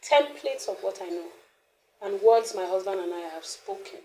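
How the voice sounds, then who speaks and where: Animated woman telling her story. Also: medium pitch, moderate pace, roomy sound, slight background noise, rough recording. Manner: animated, laughs often, trails off and restarts. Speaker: founder of a mothering community, interview guest. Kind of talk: candid personal storytelling.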